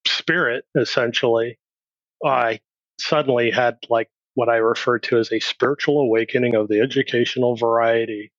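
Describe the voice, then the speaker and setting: A man's voice: medium pitch, fairly even intonation, normal speed, a bit bright, dry recording. A middle-aged man, a podcast guest, telling his life story candidly in a blunt, plain-spoken way and acting out remembered dialogue. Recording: dry, slightly dull recording.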